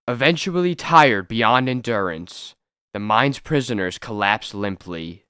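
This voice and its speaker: A man's voice: fairly low pitch, expressive, unhurried, pushed and bright, clean tone, no echo, clean studio sound. A man narrating a comic book aloud with dramatic storytelling delivery. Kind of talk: scripted narration.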